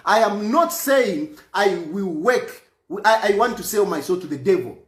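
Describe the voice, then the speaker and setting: A man giving a heated political monologue, repeating his points insistently. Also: sits high. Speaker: political commentator. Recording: roomy echo.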